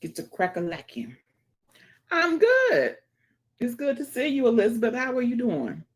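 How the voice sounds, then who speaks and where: A woman's voice: fairly high pitch, very animated, a little fast, darkish tone, slightly rough. A woman hosting a casual livestream, greeting viewers by name and chatting as she reads the comments. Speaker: livestream host.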